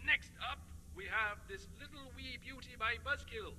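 A man's voice: extremely high pitch, normal speed, big-room sound, voice pushed up. A man putting on exaggerated mock British accents in a video game, hammy and jokey. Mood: radio DJ. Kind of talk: game voice acting. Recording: loud background noise.

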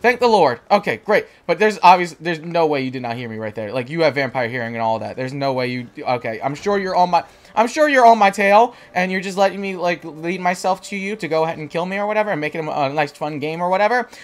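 A man's voice: a little high, lively intonation, fast, few pauses. A young man giving rambling, chatty let's play commentary as a gaming channel host, talking back to the game's characters and reacting to scares. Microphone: desk microphone with facecam.

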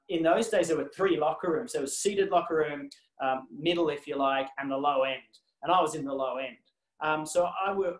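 An Australian man, a former tennis player, telling animated anecdotes on a video call, with frequent restarts and laughs. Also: a little high, reverberant, rough recording. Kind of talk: casual storytelling on a video call.

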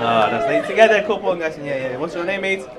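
A man's voice: high-pitched, fast, very noisy. A man with a Scouse accent doing stand-up, teasing audience members with cheeky, sweary banter at a comedy club. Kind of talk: crowd work at a comedy club. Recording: live club recording with loud crowd. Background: loud audience laughter.

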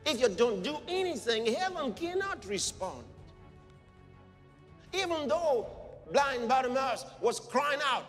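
A man preaching with fervor, his voice pitched very high and swinging widely as he acts out pleading cries. The sound rings in a long reverberant hall, with faint music playing beneath. He presses each point with rising intensity. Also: sing-song, takes it slowly, pauses often. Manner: impassioned, acting out cries and quotes. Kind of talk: sermon.

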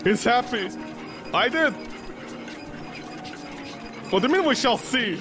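A man streaming a horror game, excitable and joking as he yelps at what happens on screen. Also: very high-pitched, slow pace. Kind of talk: let's play commentary. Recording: game music playing behind voice.

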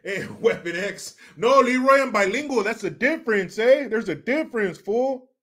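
A man putting on a brash, teasing Chicano homeboy from Central California with a Chicano English accent and drawn-out, taunting slang. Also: high-pitched, expressive, a bit bright.

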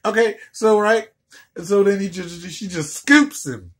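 A man's voice: high-pitched, measured pace. A man doing a profane comedic rant, stammering and repeating words as he goes.

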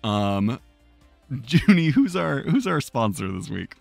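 A man with a gravelly, sing-song, medium-pitched voice speaks slowly as a co-host of a live-streamed talk show. His casual chat and mock news segment are playful and rambling, full of fillers and frequent laughs. The dry recording has faint music behind it.

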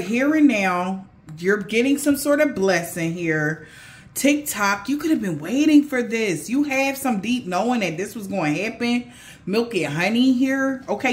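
A woman giving a casual spiritual tarot reading, excitable and often gasping and exclaiming. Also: fairly high pitch. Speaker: tarot card reader.

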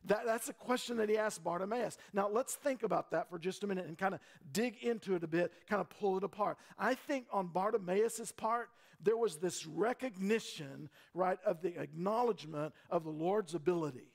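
A man's voice: high voice, moderate pace, vocal fry, hardly any pauses. A man preaching a sermon as pastor, earnest, with frequent repeated words and rhetorical questions.

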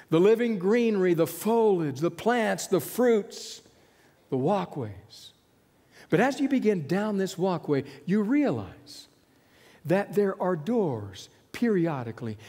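A man delivers a storytelling sermon in an unhurried, drawn-out cadence. His tone is dark and slightly husky, with wide swings in pitch. A long reverb from a large hall hangs on his voice. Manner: storytelling, voicing quiet hushed lines for Jesus and the listener. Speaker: preacher. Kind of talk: sermon with imagined dialogue.

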